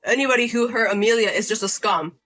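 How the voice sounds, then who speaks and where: Lady doing a stern husband guy, firm and accusing, bright voice. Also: fairly high pitch, fast talker, faint music behind, lightly acted. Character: protective angry younger-brother husband.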